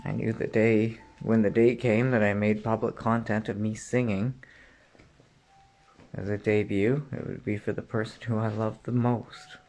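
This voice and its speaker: A man delivering an angry, profane rant straight to the listener, often clearing his throat and rising to shouts. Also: fairly low pitch, flat delivery, unhurried. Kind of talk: angry direct-to-camera rant.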